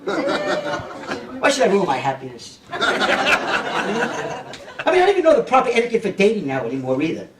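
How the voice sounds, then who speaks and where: A man's voice: sits high, wildly swooping pitch, moderate pace, pauses often. Brash New comic in his fifties. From Brooklyn, New York. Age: 50s. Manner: brash, streetwise, keeps checking in with the crowd. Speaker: stand-up comedian. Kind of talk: stand-up comedy set. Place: comedy club stage. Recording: echoey club, mic heard from a distance, audience noise.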